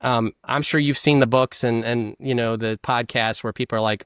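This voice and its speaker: Interview guest: man, mid-pitched, lively explainer who acts out examples, dry booth sound. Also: normal speed, few pauses, smooth, no echo. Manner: animated, acts out questions and answers. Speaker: guest, former polygraph examiner.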